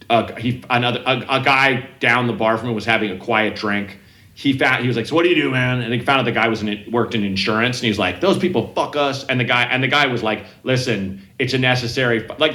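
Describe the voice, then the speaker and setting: A man's voice: mid-range voice, pushed and bright, echoey room, poor audio. A man, a comedian guest, telling rambling anecdotes on a casual podcast and often acting out the people in them. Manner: rambling, self-interrupting anecdotes with quoted voices.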